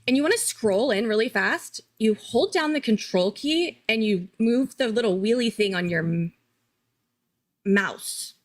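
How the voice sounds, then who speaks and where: A woman hosting a casual live-stream commentary, chatty and excitable, thinking aloud and laughing often. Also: on the high side, a little slow. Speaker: true-crime commentary host.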